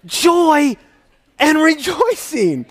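A man from Minnesota preaching a sermon, animated and shifting between loud emphasis and quiet asides. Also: extremely high pitch, very slow. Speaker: pastor.

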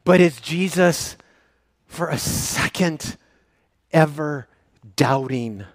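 A man preaching a sermon as a pastor, swinging between loud, raised questions and soft, low passages. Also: slow pace, no echo, clean studio sound.

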